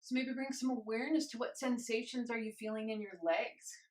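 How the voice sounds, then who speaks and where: A young woman leading a guided movement class, encouraging and gentle, a little out of breath as she moves. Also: fairly high pitch, steady tone, a little fast. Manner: encouraging, gentle, invites choices. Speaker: movement instructor. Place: home room with carpet.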